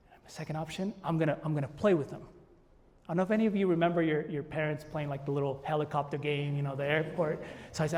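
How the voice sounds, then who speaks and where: Male keynote speaker, animated storyteller, slightly high voice, reverberant conference hall. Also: fairly quick, long pauses.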